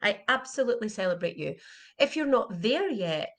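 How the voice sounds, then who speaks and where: A woman's voice: mid-range voice, very animated, normal speed. A middle-aged woman, an animal communication coach, giving an earnest, heartfelt motivational talk and repeating her questions for emphasis.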